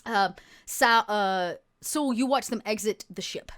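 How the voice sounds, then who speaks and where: A woman's voice: mid-range voice, measured pace, fairly bright tone. A woman running a tabletop game as game master, narrating casually with many fillers and restarts.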